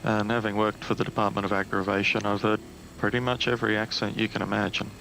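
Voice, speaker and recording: A man chatting with gaming friends in a slow, deliberate, dry manner. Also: fairly low pitch, flat delivery, creaky, sharp tone, slight background noise. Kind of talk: casual gaming chat.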